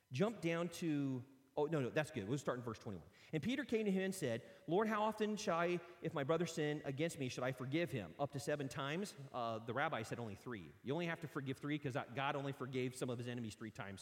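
A man's voice: medium pitch, big-room sound. A man preaching a sermon in a conversational way, reading scripture aloud and breaking off into casual asides. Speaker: pastor.

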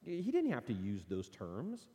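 A man's voice: mid-range voice, wildly swooping pitch, a little slow, dark tone. A middle-aged man giving an earnest, conversational teaching talk to parents. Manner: earnest, conversational, acts out parent and child quotes. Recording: long reverb.

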